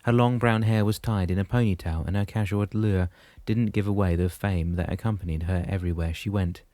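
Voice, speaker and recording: Deep, mellow male audiobook narrator. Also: fairly even intonation, brisk, no echo. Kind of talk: scripted narration.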